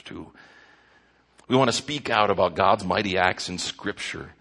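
A man delivers an earnest sermon in a low voice, his words rough and gravelly. He leans on repeated phrases as he preaches and leads the prayer, with a husky edge throughout. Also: a bit bright. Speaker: pastor.

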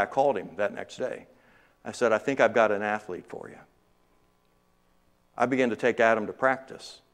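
A man preaching a sermon through a personal story, moving from hushed earnest moments to loud excited retelling. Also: mid-range voice.

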